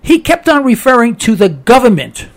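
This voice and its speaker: A man hosting a call-in talk radio show, hoarse with laryngitis, ranting with exasperation and repeating himself. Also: very high-pitched, very animated, normal speed.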